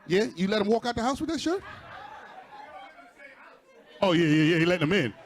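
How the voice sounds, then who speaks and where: A man's voice: sits high, very animated, normal speed. A man doing stand-up crowd work before a live audience, teasing people and laughing at his own jokes. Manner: teasing, laughing, talking straight to audience members. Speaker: stand-up comedian.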